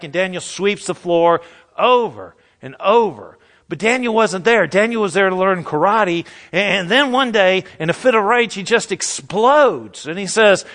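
Man, pastor, high voice, lively sermon, rhetorical questions. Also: a little slow. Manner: lively preaching with rhetorical questions, acts out quotes.

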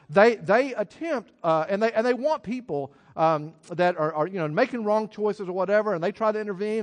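A middle-aged male pastor delivers a sermon in a conversational way, laughing between points and restarting his sentences. His voice sits high for a man.

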